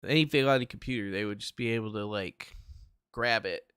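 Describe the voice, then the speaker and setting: A man streaming casually, explaining tech news in a profane rant that swings from low mumbling to loud outbursts. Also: a little fast, clean tone, no echo, studio quality.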